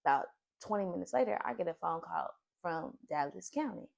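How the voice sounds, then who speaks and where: A woman telling a personal story in a casual vlog, blunt and profane, with animated retelling. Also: fairly low pitch, brisk, creaky.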